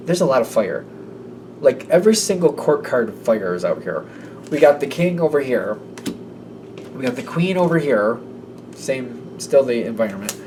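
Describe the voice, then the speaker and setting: A man's voice: on the high side, a little mellow. A man giving a casual, rambling tarot reading, now and then acting out little voices. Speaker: tarot reader. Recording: slightly distant mic, faint room noise.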